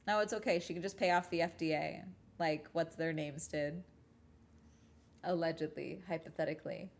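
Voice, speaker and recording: A young woman chats on a livestream from home with a somewhat low voice. She talks bluntly and casually, swears freely and laughs easily. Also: fairly even intonation, moderate pace, creaky. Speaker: streamer.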